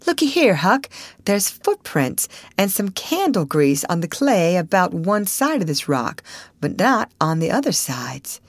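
A woman's voice: lowish voice, sing-song, a little slow, no echo. A woman voicing a bold, scheming boy who leads adventures, speaking in an eager folksy dialect. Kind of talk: audiobook character reading.

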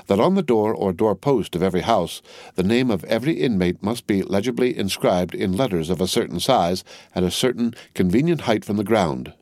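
A man reading a classic novel aloud as audiobook narrator, measured and expressive. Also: lowish voice, no room sound.

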